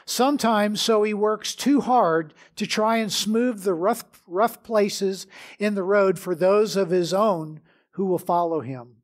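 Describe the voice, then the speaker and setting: A middle-aged man, a pastor, preaching a measured sermon with prayer and scripture reading. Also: high-pitched.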